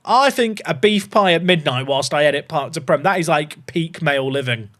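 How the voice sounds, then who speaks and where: A man's voice: a little high, expressive, normal speed, bright, forceful tone. A man, chatting to his viewers while streaming a game, swinging between casual chat and mock panic. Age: 30s. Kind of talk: live-stream gaming chat.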